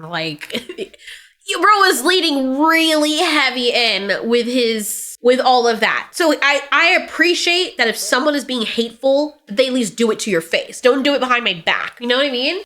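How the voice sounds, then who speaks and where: Woman, high voice, bright tone, sarcastic reaction commentary, blunt, swearing. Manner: blunt, sarcastic, swears freely, laughs often. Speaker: reaction streamer.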